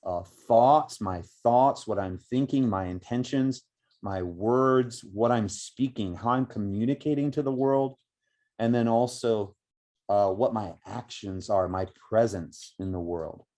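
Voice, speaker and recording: A middle-aged man teaching meditation outdoors, explaining slowly and reflectively with many pauses and restarts. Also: lowish voice, dark tone. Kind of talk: spoken meditation instruction. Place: outdoors by woods.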